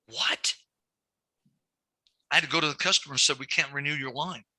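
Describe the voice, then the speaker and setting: A man's voice: on the high side, fairly quick, bright, forceful tone, no room sound. A man teaching a lending class, repeating key points and telling stories from his banking days. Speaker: banking instructor. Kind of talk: classroom lecture.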